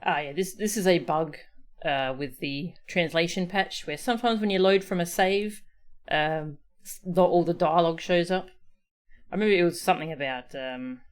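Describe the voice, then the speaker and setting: A woman's voice: on the low side, normal speed, clear, resonant tone. A woman game streamer chatting casually with her viewers and her cats, her voice sore from streaming. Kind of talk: casual live-stream chat.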